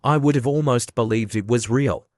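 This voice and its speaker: A sheltered young woman, naive and clingy, as a male narrator reads her lines. The voice is mid-pitched. The recording is dry. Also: normal speed, darkish tone, no room sound, natural voice.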